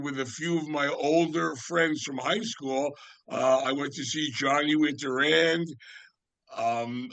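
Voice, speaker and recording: A man's voice: a little high, bright, forceful tone, dry recording. A man in his seventies, a podcast guest telling long, rambling stories about music with many fillers and restarts. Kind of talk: casual anecdotal storytelling.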